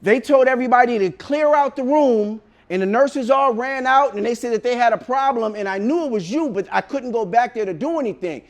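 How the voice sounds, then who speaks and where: A man's voice: extremely high pitch, brisk, few pauses. A man voicing a woman friend who recounts what happened in a matter-of-fact way. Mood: explaining.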